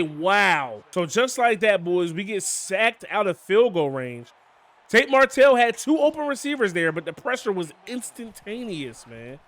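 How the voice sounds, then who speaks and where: A young man giving casual, excitable play-by-play commentary on his football video game, often calling out to "boys" and "man". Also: high-pitched, measured pace. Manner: excitable, hypes big plays, keeps saying "boys" and "man". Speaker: gaming YouTuber.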